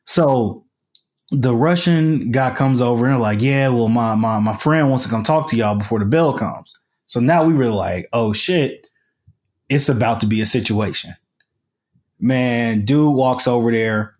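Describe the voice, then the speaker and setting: A man's voice: mid-range voice, moderate pace, darkish tone. A man, a podcast guest, telling a story in a casual, colloquial way with lots of fillers and restarts. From United States.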